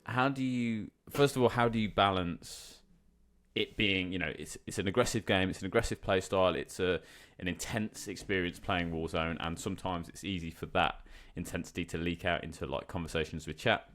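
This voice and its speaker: Brief: male podcast host, very low voice, measured and hesitant. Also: fairly bright tone. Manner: thoughtful, hesitant questions with fillers. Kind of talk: casual interview.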